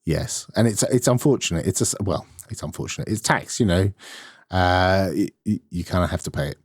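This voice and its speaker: A man's voice: deep voice, lively intonation, moderate pace, slightly rough, no echo, studio quality. A man co-hosting a casual tech podcast, explaining things in a matter-of-fact way with plenty of ums and uhs and reading out listener mail. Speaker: podcast co-host.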